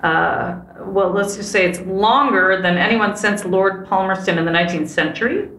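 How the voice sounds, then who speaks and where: A woman's voice: medium pitch, normal speed, fairly bright tone, a little hiss or hum. A woman hosting a podcast, interviewing a guest in a friendly, conversational way. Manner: friendly, conversational, brief acknowledgements. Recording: roomy sound with faint music.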